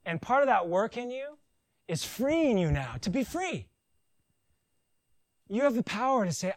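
A man preaching a conversational sermon, joking and animated, with silly voices in his asides. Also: extremely high pitch, measured pace, pauses often, dry recording, low-quality recording. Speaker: pastor.

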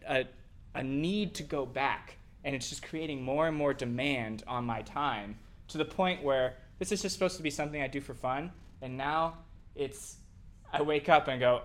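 A man's voice: mid-range voice, moderate pace, a bit bright. A man co-hosting a casual faith discussion, talking in an earnest, reflective way. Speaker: co-host.

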